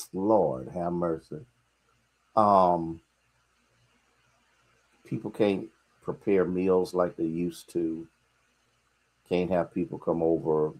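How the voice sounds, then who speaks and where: An American pastor with a very low voice leads a midweek sermon online. He talks in a folksy, conversational way and greets his viewers one by one as he goes. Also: a little mellow.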